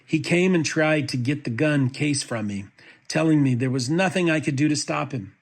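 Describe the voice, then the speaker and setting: A man reading a court petition aloud as a commentator, with a steady, even delivery. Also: on the high side, normal speed.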